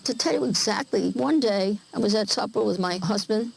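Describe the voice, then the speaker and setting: An older woman, a writer, speaking reflectively in a documentary interview and reading her own work aloud, often pausing and repeating small words. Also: mid-range voice, gravelly, low-quality recording. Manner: reflective, halting with small repetitions.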